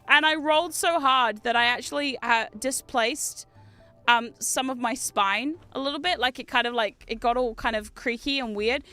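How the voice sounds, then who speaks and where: Woman, 30s, streamer, casual gaming chat, high voice, smooth clear tone, animated storyteller. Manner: chatty, animated storytelling with laughs and swearing. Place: home gaming room.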